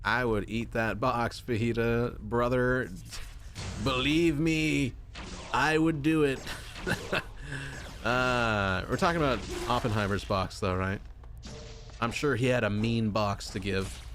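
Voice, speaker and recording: A man's voice: a little slow, a little hiss or hum. Rambling jokey male streamer. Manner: rambling, jokey, answers chat, bursts into high shouting. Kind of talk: casual gaming livestream chat.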